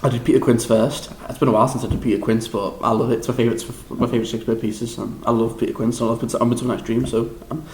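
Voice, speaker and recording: A young man with a Liverpool accent, recapping a drama school audition in a rambling, excitable, self-deprecating way with lots of restarts. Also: mid-range voice, very fast, few pauses, roomy sound, a little hiss or hum, poor audio. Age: young adult. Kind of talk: casual vlog recap.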